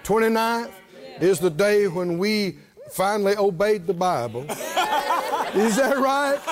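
A man preaching a sermon, drawing answers from the congregation and building to shouted lines. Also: high voice, lively intonation, slow pace, a crowd in the background. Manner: preaching with call-and-response, rising to shouts. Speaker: pastor.

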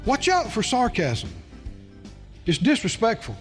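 Male preacher, middle-aged, folksy and emphatic, high voice, lots of pitch movement. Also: huge pitch swings, unhurried, faint music behind. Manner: emphatic, folksy, repeats phrases for stress. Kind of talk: sermon.

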